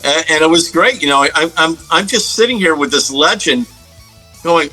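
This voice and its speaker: A man's voice: on the high side, expressive, normal speed, bright, forceful tone, soft background music, poor audio. A middle-aged man from the United States, a guest guitarist telling stories in a casual interview, rambling with many fillers and restarts.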